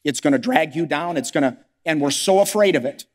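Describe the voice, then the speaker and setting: A man's voice: fairly high pitch, animated, fairly quick, long reverb tail. A man preaching a sermon as pastor, firing off rhetorical questions and acting out the voices of struggling believers. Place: church sanctuary.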